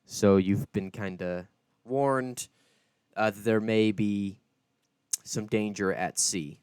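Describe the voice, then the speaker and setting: A man's voice: lowish voice, slow, a little mellow, smooth, no echo. A man narrating a tabletop game as game master, laid-back and descriptive, on a close podcast mic.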